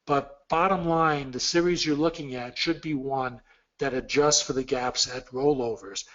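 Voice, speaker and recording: A man's voice: mid-range voice, fairly even intonation, moderate pace, a bit bright. A man being interviewed, explaining methodically step by step with examples. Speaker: interview guest explaining futures trading. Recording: dull lo-fi recording.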